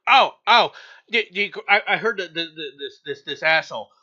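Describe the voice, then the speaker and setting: Male news-commentary host, high and sharply bright voice, profane angry rant, stammering restarts, dull lo-fi audio. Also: lively intonation, moderate pace. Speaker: show host.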